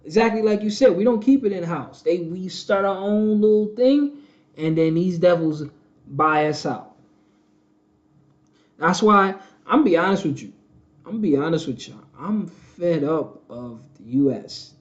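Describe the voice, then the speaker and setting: Male host, higher-pitched, preachy and repetitive; dull lo-fi audio. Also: lively intonation, unhurried. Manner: preachy, repetitive, addresses viewers as family. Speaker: channel host. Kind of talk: casual live-stream commentary.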